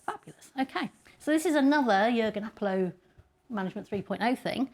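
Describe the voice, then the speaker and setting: A woman's voice: fairly high pitch, lively intonation, brisk, darkish tone. A middle-aged woman giving a chatty, self-deprecating conference talk and laughing often. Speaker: conference speaker.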